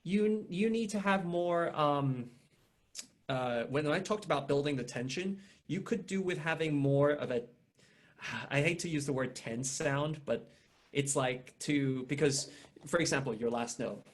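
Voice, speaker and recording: A man's voice: on the high side, a little slow. A young man teaching an online violin masterclass, talking casually with many restarts and fillers.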